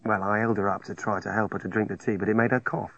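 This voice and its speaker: Husky man reading a first-person story. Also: on the low side, little pitch movement, fairly bright tone, no room sound. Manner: plain, halting, confessional telling. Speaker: narrator. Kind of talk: first-person audiobook narration. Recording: dry, slightly dull studio recording.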